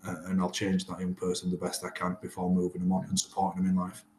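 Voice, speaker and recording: A man's voice: low-pitched, fast, slight background noise. Chatty man in an echoey room. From Northern England. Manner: animated storyteller, acts out quoted exchanges. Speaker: rugby player and guest. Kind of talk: casual interview chat.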